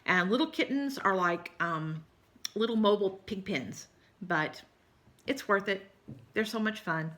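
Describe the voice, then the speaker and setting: A woman with a Texan drawl chats to her viewers in a loose, rambling way, full of y'all and little apologies. She sounds tired and keeps yawning, and her voice has a bright, forward edge. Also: mid-range voice, animated, measured pace. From South Texas. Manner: rambling, chatty, apologetic, says y'all often. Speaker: cross-stitch vlogger. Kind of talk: casual chat to viewers.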